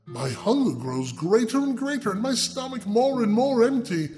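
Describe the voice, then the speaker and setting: Storybook tailor, young, hungry and pompous, read by a man; high, expressive delivery. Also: normal speed, soft background music. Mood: hungry grumbling. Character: starving, grumbling young male tailor.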